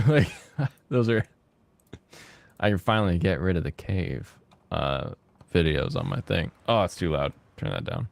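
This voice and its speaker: Brief: male streamer, casual and ranting, pitch that swings widely, dry close mic. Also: a little slow, gravelly, long pauses, dry recording. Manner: animated, ranting, laughs often. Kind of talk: casual gaming stream chat.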